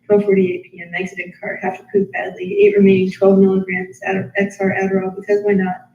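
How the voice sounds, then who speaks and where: Flat-voiced woman reading her diary aloud. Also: medium pitch, fairly quick, gravelly. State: tired after a long reading. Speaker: author reading her own blog. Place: apartment room. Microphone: livestream captured by another person's device. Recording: roomy, slightly dull livestream audio.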